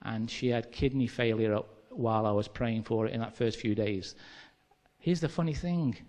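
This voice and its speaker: A man from England with a Midlands accent, preaching a sermon as a lively conversational story with quoted dialogue. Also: medium pitch, moderate pace. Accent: English Midlands.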